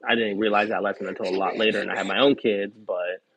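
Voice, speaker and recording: A man's voice: fairly low pitch, fairly even intonation, fast talker, fairly bright tone, slightly rough, dry recording. A man live streamer chatting casually, telling a personal story in a rambling, candid way with lots of fillers. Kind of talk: casual chat. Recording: tinny phone-like dry sound.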